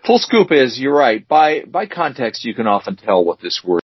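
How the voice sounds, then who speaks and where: A man's voice: medium pitch, big pitch swings, normal speed, breathy edge, dry recording. A man co-hosting a podcast, chatting casually and rambling with fillers and restarts. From United States. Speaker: podcast co-host. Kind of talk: casual chat. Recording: dry, dull lo-fi sound.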